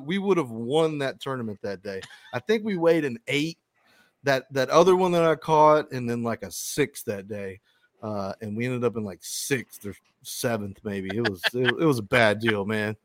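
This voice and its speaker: A man's voice: on the high side, no echo. A man hosting a fishing podcast, telling a long story in casual chat, rambling and swearing often. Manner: rambling, profane, with frequent restarts.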